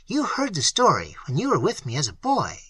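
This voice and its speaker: A reader with a hoarse voice voicing an old male pastor who speaks fervently and emphatically in an audiobook. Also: medium pitch, wildly swooping pitch, a little fast, pushed and bright, dry recording, heavily acted. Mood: grave.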